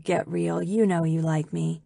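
A woman reading the part of a confident, teasing teenage boy in an audiobook, lowering her voice a little for him. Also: moderate pace, gravelly, a little mellow, no room sound, clean studio sound. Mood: hushed.

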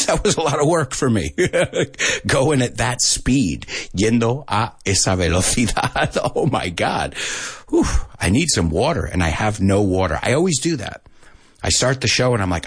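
Playful husky-voiced man teaching live. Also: on the low side, big pitch swings, no echo, clean studio sound. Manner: playful, laughs often at himself; spells letters out slowly and deliberately. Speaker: live-stream host teaching English. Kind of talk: casual live lesson with Spanish translations.

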